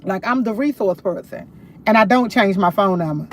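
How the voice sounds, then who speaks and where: A woman's voice: medium pitch, expressive, normal speed, a little hiss or hum. A woman livestreaming, retelling a conversation in a casual, emphatic way. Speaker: livestream host.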